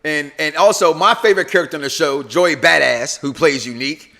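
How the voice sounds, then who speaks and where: A middle-aged man co-hosting a TV review show in casual chat, playful and teasing, swinging from mumbles to shouts. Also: a little high, fairly quick, gravelly.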